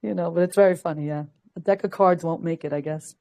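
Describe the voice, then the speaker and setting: Brief: woman from Peru, lower voice, chatty call participant who laughs and acts out quotes. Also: fairly even intonation, fast, creaky, mellow. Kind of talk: casual chat.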